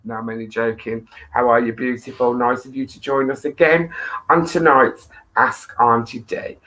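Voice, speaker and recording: A woman's voice: a bass voice, steady tone, normal speed, fairly bright tone, poor audio. A woman hosting a live-stream chat show, affectionate and teasing with her viewers. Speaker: host. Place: home studio.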